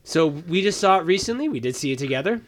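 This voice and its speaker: A man's voice: a little high, lively intonation, fast. Easygoing male podcast co-host. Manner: easygoing, reads plugs and jokes dryly. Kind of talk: casual chat.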